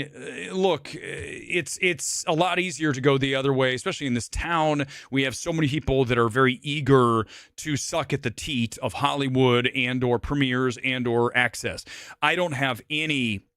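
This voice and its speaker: Brash, rambling man, rather high voice. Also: pushed and bright, dry recording, clean studio sound. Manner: brash, rambling, swearing, quick laughs. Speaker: live-stream movie review host. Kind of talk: casual live-stream chat reading comments. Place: home studio near Los Angeles.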